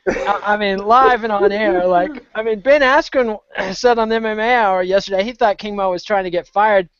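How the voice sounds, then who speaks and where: A man's voice: high voice, moderate pace, fairly bright tone. A man co-hosting a casual talk show, trading wry, profane banter. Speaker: podcast co-host. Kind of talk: casual chat. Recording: dry, dull lo-fi sound.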